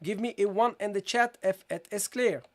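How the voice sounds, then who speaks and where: A man teaching Quran recitation in a live online lesson, speaking patiently and repeating points while checking in with viewers. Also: high voice. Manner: repetitive, checking in with viewers, slow demonstration of sounds. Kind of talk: live-streamed tajweed lesson.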